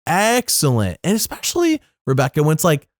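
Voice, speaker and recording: A young adult man co-hosting a podcast, talking through an episode in a chatty, rambling way and jumping up in pitch for emphasis. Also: huge pitch swings, fairly quick, dry recording, clean studio sound. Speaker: podcast co-host. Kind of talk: casual recap chat.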